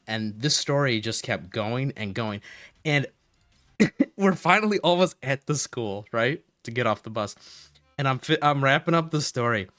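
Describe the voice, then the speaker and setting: A man streaming a game, chatting casually with viewers and telling rambling, animated stories between moves. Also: mid-range voice, no echo, clean studio sound. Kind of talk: casual gaming stream chat.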